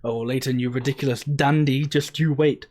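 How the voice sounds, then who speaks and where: A man's voice: medium pitch, steady tone, normal speed, a little mellow, natural voice. A man reading the lines of a smug, scheming male villain in a puzzle game, in a gloating, mocking manner.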